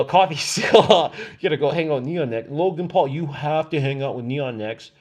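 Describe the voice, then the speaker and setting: Male streamer, mid-pitched, rambling and agitated, with many false starts. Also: darkish tone. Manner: agitated, repetitive, restarts often. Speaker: livestreamer. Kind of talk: rambling livestream monologue.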